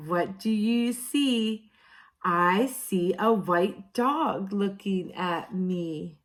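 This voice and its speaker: A woman kindergarten teacher reading picture books aloud to young children, with a slow, sing-song, exaggerated storybook delivery and playful asides. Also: mid-range voice.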